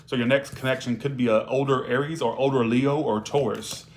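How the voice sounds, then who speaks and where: A man's voice: mid-range voice, fairly even intonation, fairly quick, slight background noise. A man giving a casual live-streamed tarot reading, blunt and profane, scolding viewers and dropping "all right?" into his lines. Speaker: tarot reader.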